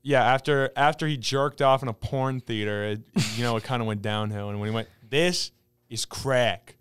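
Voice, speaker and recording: Wry young man, smooth voice. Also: mid-range voice, level tone, a little fast. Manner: wry, sarcastic asides. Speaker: podcast co-host. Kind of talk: casual chat.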